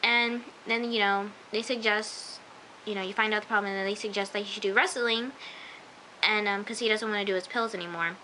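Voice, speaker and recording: A woman's voice: mid-range voice, steady tone, a little fast, sharp tone, slight background noise, poor audio. A woman chatting emphatically as she recaps and reviews a TV episode, with lots of asides. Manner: chatty, emphatic, often says "I'm just like". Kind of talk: casual recap vlog.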